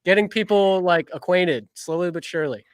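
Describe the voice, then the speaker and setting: A man's voice: sits high, fairly quick, clean tone, no room sound. A man who creates fan films, arguing his views playfully in casual chat and stammering restarts.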